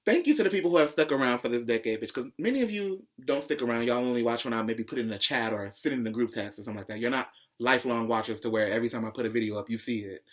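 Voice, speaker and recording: A man hosting a pop-culture commentary vlog, talking in a sassy, profane, opinionated way and jumping higher in pitch when excited. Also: very fast, few pauses. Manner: profane, sassy, calls viewers "child"; opinionated ranting, swings high when excited. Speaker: vlog host.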